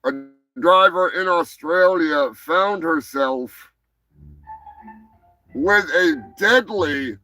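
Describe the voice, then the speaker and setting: A man's voice: high voice, poor audio. Profane rambling male stream host. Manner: profane, rambling, swings between loud outbursts and mumbling asides. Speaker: show host. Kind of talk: crude live-stream rant. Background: music.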